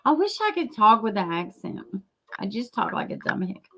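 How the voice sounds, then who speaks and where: A woman's voice: medium pitch, sing-song, moderate pace, bright, forceful tone, slight background noise. A woman hosting a casual livestream, chatting to viewers, swearing casually and laughing often. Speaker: livestream host. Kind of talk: casual livestream reaction commentary.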